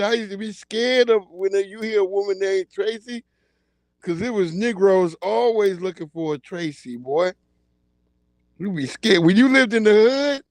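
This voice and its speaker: A man hosting a livestream, chatting in a casual comedic way, laughing often and acting out loud yelled quotes. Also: high-pitched, no room sound. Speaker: livestream host.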